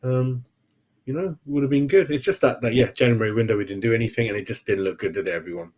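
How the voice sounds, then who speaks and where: A man's voice: mid-range voice, fast, a little mellow. A man hosting a football fan channel, chatting casually with live-stream viewers, laughing often and calling everyone mate.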